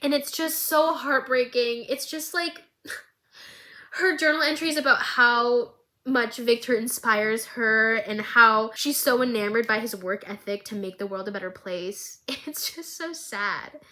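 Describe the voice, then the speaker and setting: Woman vlogger, bright and forceful, dramatic casual recap. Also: on the high side, unhurried. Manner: animated, dramatic storytelling.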